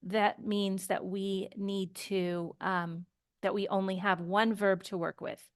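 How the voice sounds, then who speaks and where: Patient, slow-speaking woman teacher. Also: medium pitch, little pitch movement, clear, resonant tone, no echo, studio quality. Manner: slow, patient explaining with frequent "okay?" checks. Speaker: English teacher. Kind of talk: online grammar lesson.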